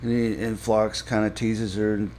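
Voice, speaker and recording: A man casually recapping a TV episode for a podcast, halting with frequent fillers and restarts. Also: fairly low pitch, flat delivery, a little mellow, slight background noise. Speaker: podcast reviewer.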